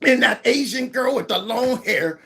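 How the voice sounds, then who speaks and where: A man's voice: extremely high pitch, normal speed, vocal fry. A man hosting a commentary channel, reacting to video clips with exclamations and mock quotes. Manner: animated, exclaiming, mock-quoting others.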